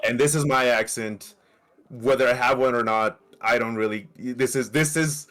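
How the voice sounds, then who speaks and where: A man's voice: mid-range voice, normal speed, fairly bright tone. A man from Mexico talking on a casual podcast panel, with many fillers and restarts. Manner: grows heated and emphatic. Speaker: podcast co-host.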